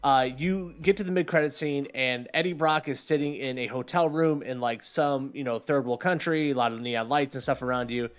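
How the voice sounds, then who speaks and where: A man's voice: medium pitch, moderate pace, hardly any pauses, smooth, soft background music. A man co-hosting a podcast, ranting in casual chat, swearing and acting out quotes. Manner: animated, swearing, acts out quotes. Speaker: podcast co-host.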